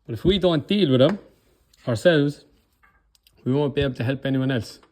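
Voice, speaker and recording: Intense Irish coach with controlled anger. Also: male voice, mid-range voice, lively intonation, moderate pace, darkish tone. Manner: blunt, swears, keeps checking in with "okay?". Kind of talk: motivational talk.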